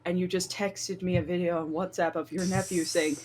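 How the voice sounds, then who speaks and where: A woman's voice: on the low side, fairly quick, slight background noise. Chatty woman podcast co-host. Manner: relaxed, chatty, prone to swearing. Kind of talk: casual podcast chat.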